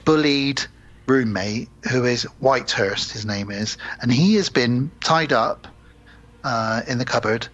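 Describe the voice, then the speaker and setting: A man's voice: medium pitch, a little slow, fairly bright tone, dull audio. A man co-hosting a podcast, recapping a film plot in a rambling, sweary, casual way. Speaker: podcast co-host. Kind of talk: casual film review chat.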